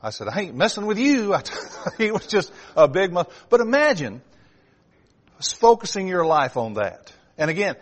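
A man's voice: a little high, very animated, moderate pace. A man preaching a sermon, stressing key words and asking the congregation direct questions. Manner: emphatic, rising and dropping for emphasis.

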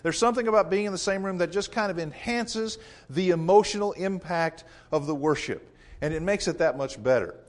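Guy giving a sermon, earnest and measured, kinda high voice, keeps repeating lines to hammer it home. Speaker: preacher.

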